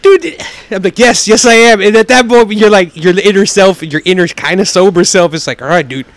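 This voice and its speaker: A man's voice: sits high, brisk. A man with a Texan accent, a pitmaster guest in a casual chat, telling stories, swearing freely and acting out quotes. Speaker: pitmaster and restaurant co-owner, guest.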